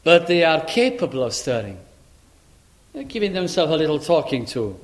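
Animated male preacher with lively pitch. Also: moderate pace. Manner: expressive, acts out quoted voices with wide pitch swings. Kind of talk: sermon.

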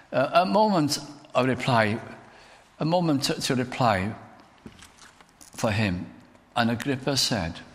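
A man preaches earnestly and builds at times into emphatic declamation. His voice sits at a middling pitch. The sound carries the long reverb of a church hall. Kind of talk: sermon.

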